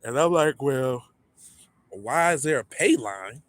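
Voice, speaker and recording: A man casually telling a story, animated and full of swearing, acting out the people in it. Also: mid-range voice, takes it slowly. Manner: animated, profane, acts out the people in his story. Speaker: podcast storyteller.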